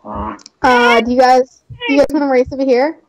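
A woman's voice: high-pitched, moderate pace, vocal fry. A young woman hosting a game livestream, chatting in a bubbly, giggly way. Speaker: livestream host. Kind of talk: casual game-stream chat. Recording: slightly muffled stream audio.

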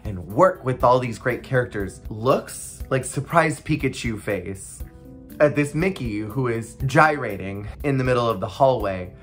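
Casual vlog storytelling, wry, blunt, reflective, middling pitch, faint background music. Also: measured pace. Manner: animated, acts out quoted people. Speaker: former theme park cast member.

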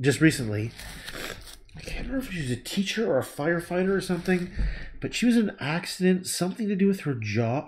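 A man's voice: fairly high pitch, a little hiss or hum. A man painting on a livestream, thinking aloud in a rambling way, humming and murmuring to himself between sentences.

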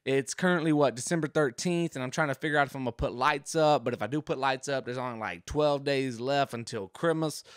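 A man's voice: medium pitch, fairly quick, hardly any pauses, smooth, no echo, clean studio sound. A young man hosting a podcast from his home game room, rambling in a jokey, casual monologue. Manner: rambling, jokey, does voices. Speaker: podcast host.

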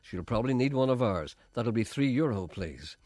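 A man's voice: medium pitch, lively intonation, fairly quick, a little mellow, no echo, close to an everyday voice. A man voicing a smug, penny-pinching hotel barman who politely piles on extra charges. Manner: polite, piling on charges with a cheerful sir.

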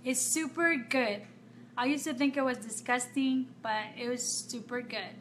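A woman from Nicaragua, chatting casually with viewers on a live stream as a makeup artist, talkative and quick to laugh. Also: high-pitched, fairly even intonation, fairly bright tone, a little hiss or hum.

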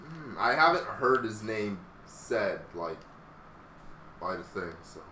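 A man's voice: fairly low pitch, very animated, takes it slowly, pushed and bright, recorded from a distance. A man playing a fighting game with friends, laid-back with short replies and frustrated cursing. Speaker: gamer. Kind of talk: casual let's play banter. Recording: echoey room, away from mic, faint hiss.

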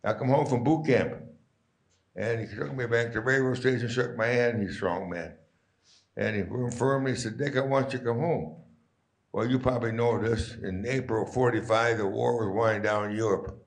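A man's voice: mid-range voice, normal speed, reverberant. A man in his nineties, a guest speaker, telling stories to a live audience in a rambling, chuckling, folksy way. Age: 90s.

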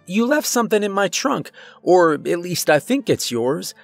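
Guy putting on a higher, easygoing young college dude, slangy and relaxed, faint music behind. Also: moderate pace, gravelly, no echo, full character voice. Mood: casual. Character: young male college friend, casual and laid-back.

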